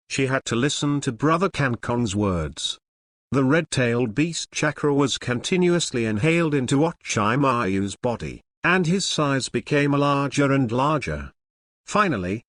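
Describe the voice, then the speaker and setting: A male narrator reading a fantasy novel aloud, mid-pitched with animated, swinging inflection. The sound is close and dry, with no room around the voice. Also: no room sound. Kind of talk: scripted narration of a translated novel.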